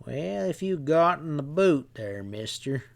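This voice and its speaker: A man reading an audiobook, voicing a sly young stableman who talks in a placid, slow drawl. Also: on the high side, big pitch swings, vocal fry, full character voice.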